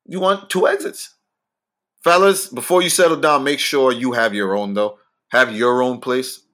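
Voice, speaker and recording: A man's voice: mid-range voice, moderate pace, bright, forceful tone. A man with a lisp co-hosting a podcast, talking in a blunt, crude, joking way. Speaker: podcast co-host. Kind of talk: casual podcast banter.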